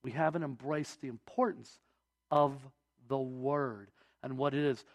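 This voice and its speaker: A man's voice: medium pitch, measured pace. A man in his forties preaching a sermon, telling stories and pressing his points with emphatic, preacherly build-ups. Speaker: pastor.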